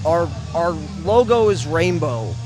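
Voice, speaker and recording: A man's voice: a little high, sing-song, unhurried, over music. A man from the St. Louis area doing emotional, emphatic commentary for a wrestling show. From St. Louis area, USA. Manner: heartfelt, emphatic, repeats himself.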